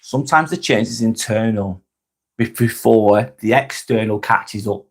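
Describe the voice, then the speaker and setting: A man's voice: fairly low pitch, measured pace, slightly rough. An English man, middle-aged, hosting a live vlog, chatting casually with viewers, rambling and repeating himself and swearing freely. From England. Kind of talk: casual live-stream chat.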